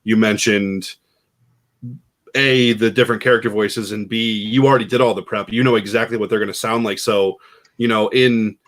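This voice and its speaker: A man's voice: on the low side, fairly even intonation, moderate pace, fairly bright tone. A man co-hosting a casual panel chat, rambling and full of "you know" and "like".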